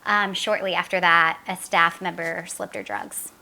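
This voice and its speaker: As an interview guest, a middle-aged woman tells her daughter's story in an emotional personal account. Her voice is bright and forceful yet lowish, with vocal fry and fairly even intonation. She speaks earnestly and haltingly, using many fillers and re-enacting dialogue.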